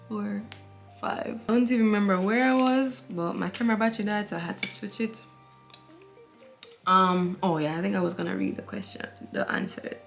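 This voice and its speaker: A woman's voice: mid-range voice, vocal fry. A young woman vlogger chatting candidly and rambling while she gets ready at home, talking into her camera. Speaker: beauty vlogger. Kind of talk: casual chat while getting ready.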